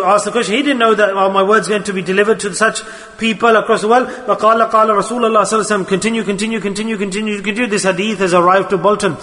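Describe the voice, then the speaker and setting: A man giving a sermon on a hadith, quick and emphatic, firing rhetorical questions at the audience. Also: high-pitched, sharp tone. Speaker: preacher. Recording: long hall reverb.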